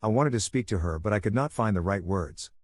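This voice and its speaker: A man reading a story aloud in a slow, clear way for language learners. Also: fairly low pitch, expressive, no echo, clean studio sound. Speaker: story narrator. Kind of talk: scripted narration.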